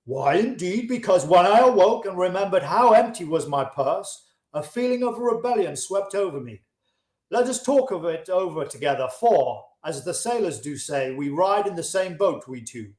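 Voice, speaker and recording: A man's voice: high-pitched, expressive, normal speed, a little mellow, pitched above the performer's own voice. A man reading the part of an earnest, discontented chariot maker, speaking old-fashioned English with passion. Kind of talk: audiobook-style reading of a classic. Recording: roomy echo.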